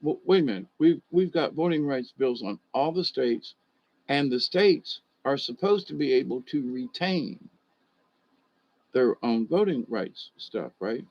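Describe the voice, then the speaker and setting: A man's voice: mid-range voice, lively intonation, a little slow, no echo, highs cut off. A man, telling folksy stories and rambling with chuckles. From Georgia, US. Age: 60s. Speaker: monologue host.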